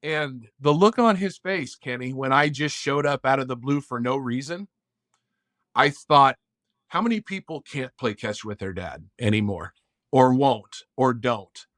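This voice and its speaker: A man's voice: mid-range voice, measured pace, fairly bright tone, no echo, studio quality. A man as a podcast guest, telling a personal story in an earnest, heartfelt way and acting out bits of dialogue. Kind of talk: casual interview storytelling.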